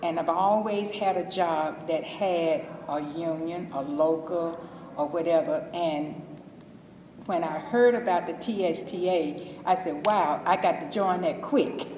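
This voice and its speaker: A woman's voice: on the low side, unhurried, a little mellow. A middle-aged woman from Alabama with a Southern accent, telling heartfelt stories in a chatty, informal way about her work as a school custodian. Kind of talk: interview testimony. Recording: echoey hall, distant mic, faint noise.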